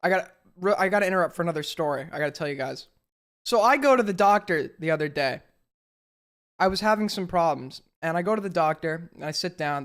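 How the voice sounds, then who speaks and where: A streamer, a man, tells jokes with a smooth, clear voice. He drags out the setups in a deadpan way, then fishes for laughs from his chat. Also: on the high side. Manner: slow deadpan buildup, fishing for laughs. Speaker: streamer host. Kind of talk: casual stream joke-telling.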